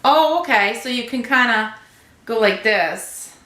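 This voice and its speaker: A woman's voice: fairly high pitch, expressive, a little slow, a bit bright, roomy sound. A woman vlogger unboxing a subscription box at home, gushing over each item and cooing to her cat. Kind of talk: casual unboxing chat.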